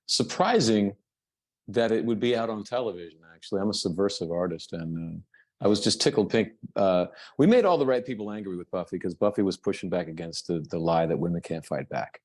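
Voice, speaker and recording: Animated American man, low voice. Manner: animated, self-deprecating, quick to laugh. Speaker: actor guest. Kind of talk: casual interview chat.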